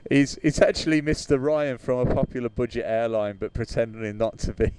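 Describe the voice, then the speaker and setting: A man's voice: mid-range voice, a little fast, darkish tone, slight background noise. A British man hosting a flight sim livestream in casual chat, hesitant with many fillers, reading out viewer comments and laughing easily.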